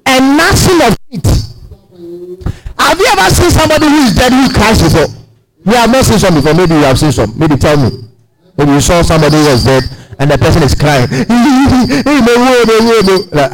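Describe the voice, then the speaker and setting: A man's voice: animated, a little fast, rough recording. A man preaching a sermon, emphatic, often asking the congregation questions. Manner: emphatic, asks the congregation questions, big swings in pitch.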